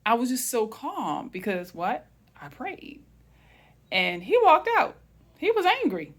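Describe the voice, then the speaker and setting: A woman who hosts a wellness channel shares a personal story slowly and reflectively, frequently calling her viewers family and trailing off into hushed pauses. Her voice is on the high side, with pitch that swoops wildly.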